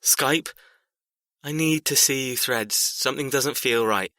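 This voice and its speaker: A man's voice: mid-range voice, unhurried, sharp tone, no room sound, clean studio sound. A man voicing an upset, protective adult brother in an audiobook, agitated and pleading. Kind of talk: audiobook character reading.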